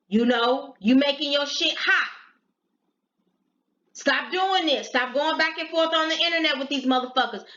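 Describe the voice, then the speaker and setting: A middle-aged woman telling a story and giving blunt, profane advice in casual vlog talk. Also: high voice. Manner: blunt and profane, animated retelling. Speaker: vlogger giving advice to sex workers. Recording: echoey room, dull lo-fi sound.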